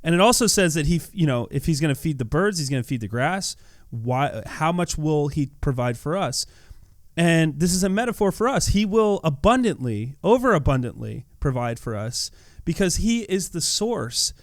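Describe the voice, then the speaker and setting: A man talks through a gameplay video with casual, earnest devotional commentary. His voice sits a little high for a man, and he often repeats words in his animated delivery. The recording is dry, with no room sound. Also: moderate pace, no echo. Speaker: YouTuber.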